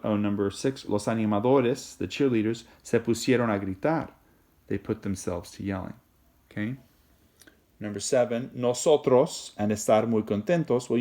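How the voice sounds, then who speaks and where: A man teaching Spanish in a recorded video lesson, explaining in a relaxed, rambling way and checking in with "okay?" and "right?". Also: lowish voice.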